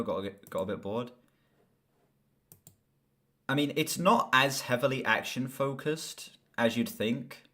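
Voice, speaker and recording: This young man chats on his live stream in a mid-pitched voice, casual and rambling. He gets excitable and swears freely as he talks about films. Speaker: streamer and movie reviewer.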